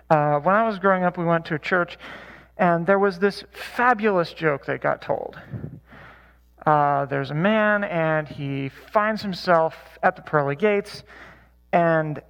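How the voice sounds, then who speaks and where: A man's voice: high-pitched, measured pace, gravelly, fairly bright tone. A man leading a church Bible study, talking casually with many fillers and self-corrections. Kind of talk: casual teaching talk with anecdotes.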